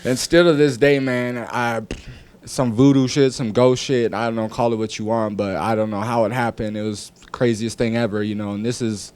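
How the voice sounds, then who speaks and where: A young man, a rapper guest on a podcast, telling a story from his past in a loose, animated way, cursing freely and acting out what people said. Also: mid-range voice, normal speed, clean tone. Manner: animated storyteller, curses freely, acts out dialogue. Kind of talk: casual storytelling interview.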